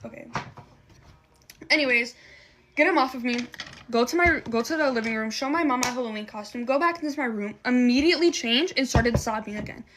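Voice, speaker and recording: A woman's voice: on the high side, fairly quick, noisy background. A woman telling a personal story in a casual storytime monologue, blunt and slangy, swearing freely. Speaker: storytime creator.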